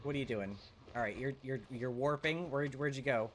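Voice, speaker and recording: Speaking at normal speed in a mid-range voice, a young man streams a video game over slight background noise. His live chat with viewers is casual and rambling, full of profanity and false starts.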